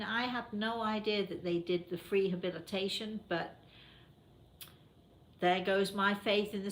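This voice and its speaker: A British woman hosts a call-in style show, chatting loosely with plenty of fillers and asides. Her voice sits somewhat low, and a faint hiss runs under the recording. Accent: British English. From England. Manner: chatty, warm addressing listeners, many fillers. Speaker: host. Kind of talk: casual radio show talk.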